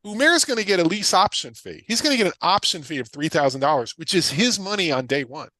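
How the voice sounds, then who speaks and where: Speaking in a slightly high, sharp voice with big pitch swings and no room sound, a middle-aged guest real estate investor teaches an energetic livestream class. He's punchy and repetitive, driving points home with questions and throwing in casual asides and quick tangents.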